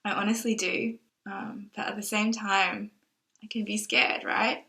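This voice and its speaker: A woman's voice: mid-range voice, level tone, a little slow, sharp tone, rough recording. A young woman vlogging to camera, anxious and rambling as she thinks aloud, tearful at times. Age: young adult. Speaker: exchange student vlogger. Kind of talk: casual vlog talk to camera.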